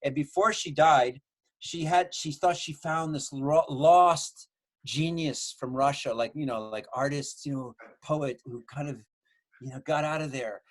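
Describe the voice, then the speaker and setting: A man's voice: on the high side, measured pace. A man in his sixties, a guest filmmaker, telling rambling stories from his home with lots of swearing and restarts. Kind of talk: casual storytelling chat.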